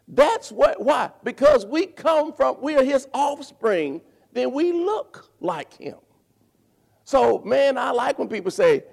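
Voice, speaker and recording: A male pastor preaching a sermon, animated, repeating words and calling for responses from the congregation. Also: high-pitched, moderate pace, vocal fry.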